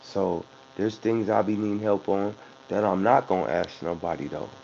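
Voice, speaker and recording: A man with a fairly low voice talks casually about his music, loose and full of restarts. His speech is profane and meandering. The recording is dull and lo-fi, with a faint mains hum underneath. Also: normal speed, creaky, a little mellow. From San Francisco Bay Area. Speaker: rapper. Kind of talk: casual interview talk.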